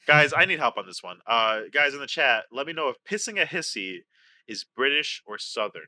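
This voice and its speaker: Animated, bright-voiced man on a livestream. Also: mid-range voice, a little fast. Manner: goofy, swears freely, mock-outraged rants. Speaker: game contestant and stream co-host. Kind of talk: casual livestream chat.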